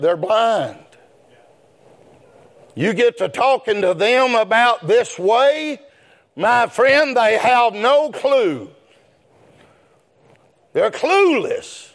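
Shouting preacher. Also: male voice, sits high, expressive, drawn-out words, pauses often. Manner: chanting preaching that swells into shouts. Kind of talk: sermon.

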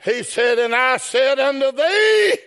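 Man, high ringing voice, gravelly, very slow drawn-out delivery, hollered sermon. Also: expressive. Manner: rises to shouted chant, drops to low asides. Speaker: preacher.

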